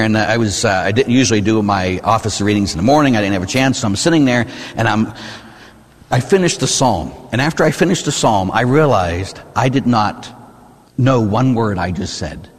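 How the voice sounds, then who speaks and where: Priest giving a sermon, voice swoops up and down a lot, bit husky, long echo. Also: male voice, lowish voice. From United States. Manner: animated, rhetorical, tags with "huh?". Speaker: Catholic priest. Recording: reverberant hall.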